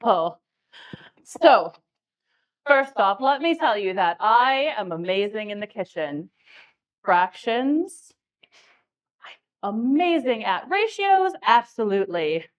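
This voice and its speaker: A woman's voice: mid-range voice, very animated, slow pace, long pauses, lo-fi sound. A woman improvising a vain, boastful countess at a live tabletop game, bragging and cackling at her own claims. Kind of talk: live improvised character play.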